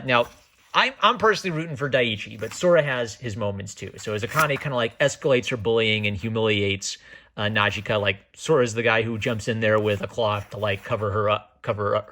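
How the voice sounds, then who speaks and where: Male comic reviewer, bright forceful tone, enthusiastic and rambling. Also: medium pitch. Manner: enthusiastic, digressive, jokey. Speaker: manga reviewer. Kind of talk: casual review commentary.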